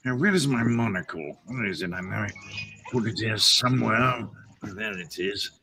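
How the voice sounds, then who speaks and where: A man's voice: on the low side, normal speed, bright, forceful tone, recorded from a distance, slight background noise. A man voicing a snooty, fancy male frog with a put-on French accent and a pompous, haughty way of talking.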